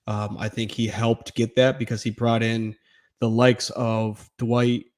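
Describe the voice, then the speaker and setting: A man in easygoing sports-podcast talk, lively and quick to laugh, sometimes slipping into playful mock voices. His voice sits at a middle pitch. He sounds like a regular co-host trading takes with a friend. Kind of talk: casual sports chat.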